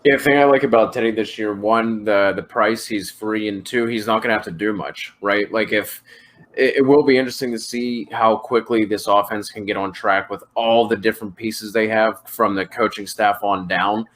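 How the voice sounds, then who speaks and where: Male co-host, low pitch, loose joking sports banter. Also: steady tone, normal speed, a bit bright. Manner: rambling, joking, loose slang. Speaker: fantasy football podcast co-host. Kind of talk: casual sports chat.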